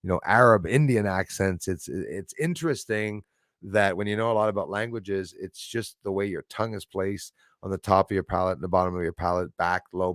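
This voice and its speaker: A man's voice: low-pitched, no echo, studio quality. Chuckling, rambling man in his forties. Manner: rambling, chuckling often, chatty. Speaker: live stream host. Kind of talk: casual chat reading viewer comments.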